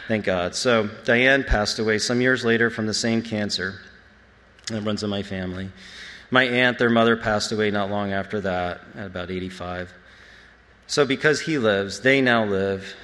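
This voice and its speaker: A man's voice: fairly low pitch, a bit bright. A man giving an earnest, reflective personal testimony as a church speaker. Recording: long reverb in a big hall.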